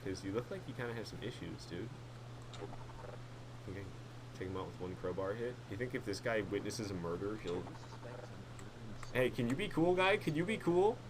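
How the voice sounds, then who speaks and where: Male gamer, casual commentary, jokey and giggly, lively pitch, faint background noise. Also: normal speed, pauses often. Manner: joking, banters at game characters, giggly. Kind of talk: casual live gameplay commentary.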